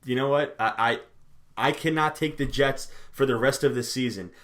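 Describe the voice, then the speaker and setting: A man's voice: medium pitch, normal speed. Man, co-host, casual sports chat, joking, repeats lines. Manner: relaxed, joking, repeats phrases.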